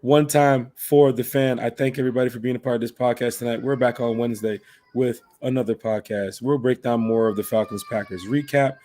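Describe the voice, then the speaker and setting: A man's voice: mid-range voice, steady tone, fairly quick, mellow, no echo. A man hosting a casual sports podcast, boisterous and profane, telling dad jokes to his co-hosts. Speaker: podcast host.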